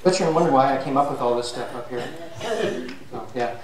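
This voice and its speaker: A man's voice: mid-range voice, a little fast. A man leading a spiritual fellowship gathering in a chatty, jokey way, recorded from far off in a large room with an audience. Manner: chatty, jokey, self-mocking. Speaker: service leader. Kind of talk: casual joke-telling to a congregation. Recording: very echoey hall from far off. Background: audience laughing.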